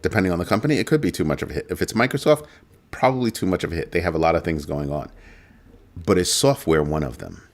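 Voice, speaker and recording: A man's voice: low-pitched, animated, quick pace. A man hosting a casual talk show, telling a story and mimicking a coworker with emphatic asides. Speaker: host. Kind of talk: casual chat.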